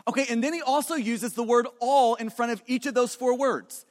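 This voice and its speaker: A man's voice: extremely high pitch, fairly even intonation, fairly quick, big-room sound. A man preaching a sermon as pastor, emphatic and repetitive, often restarting his phrases.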